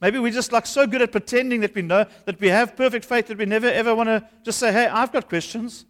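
A man's voice: very high-pitched, quick pace, fairly bright tone. A man, a pastor preaching an earnest, conversational sermon in a church. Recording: long hall reverb.

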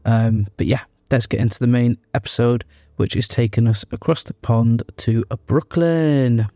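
Young guy hosting a podcast, gravelly low voice, ums everywhere, dry close sound. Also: flat delivery, normal speed, dark tone, dry recording. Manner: rambling, full of ums and fillers. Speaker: podcast host. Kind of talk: casual podcast intro chat.

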